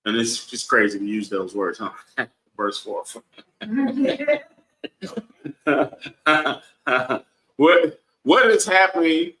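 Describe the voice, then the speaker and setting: Preachy guy teaching bible class, bright sharp voice, echoey room. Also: fairly high pitch, sing-song, very slow, pauses often. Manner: preachy, asks the room "right?" over and over.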